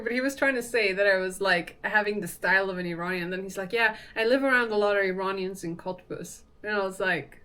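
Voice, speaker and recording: A woman's voice: medium pitch, fairly quick, a bit bright. A young woman chatting casually on a live stream, telling a story with lots of fillers and laughter.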